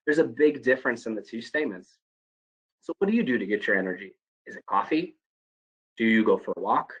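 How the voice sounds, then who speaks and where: A man giving an animated training talk on phone skills for call center staff, often shifting his tone and volume to demonstrate. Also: medium pitch, breathy edge, dull audio. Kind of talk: training presentation.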